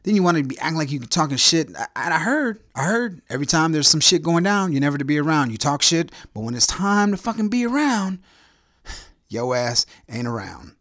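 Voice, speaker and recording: A man's voice: a little high, very animated, brisk, fairly bright tone, dry recording, studio quality. A man hosting his own podcast, talking through a blunt, profane, provocative solo rant. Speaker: podcast host.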